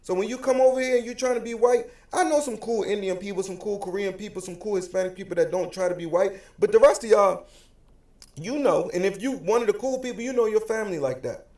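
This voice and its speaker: High-voiced man ranting, echoey room. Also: fast, a little mellow. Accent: African American English. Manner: blunt, emphatic, repetitive. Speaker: social media commentator. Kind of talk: heated direct-to-camera rant.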